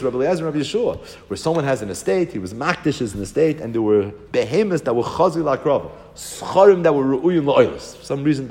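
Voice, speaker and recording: A man teaching a Talmud lesson at a quick clip, rushing through Hebrew and Aramaic terms inside his English. His pitch swings up and down a lot as he argues each side. The recording rings with a long hall reverb. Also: a little mellow. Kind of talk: Talmud lecture.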